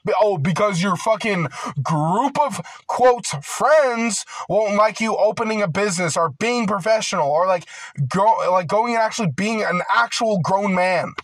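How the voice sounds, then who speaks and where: In a casual monologue, a young man who vlogs rants on and on, swearing and leaning on filler words, occasionally getting loud and worked up. He has a high voice and a measured pace, and there's no room sound.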